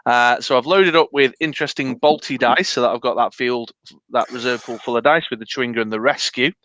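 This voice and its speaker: A man's voice: medium pitch, brisk, bright, forceful tone. A man co-hosting a casual live stream, rambling and hesitant with lots of fillers. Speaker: podcast co-host. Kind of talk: casual live-stream chat about a dice game.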